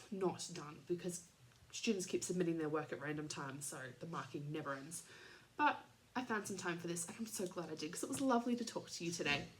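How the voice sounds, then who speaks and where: Here a woman in her thirties from Australia hosts a podcast, speaking at a medium pitch over a slight hiss or hum. Her chat is loose and meandering, full of fillers and soft laughter.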